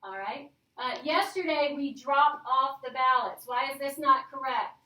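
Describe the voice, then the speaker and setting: Bright-voiced woman teaching in an echoey room. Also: high voice, unhurried, far from the mic. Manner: upbeat, coaxing, checks in with "all right?". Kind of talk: classroom grammar lesson.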